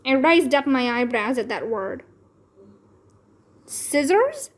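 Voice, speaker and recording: A woman narrating a children's book aloud in an expressive, deliberate storytelling manner. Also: on the high side. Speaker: read-aloud channel host.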